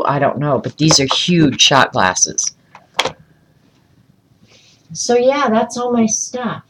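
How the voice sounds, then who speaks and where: A woman's voice: sits low, a little hiss or hum, low-quality recording. A woman chatting casually on a livestream from a room at home, rambling and talking to viewers by name. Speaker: vlogger showing travel souvenirs.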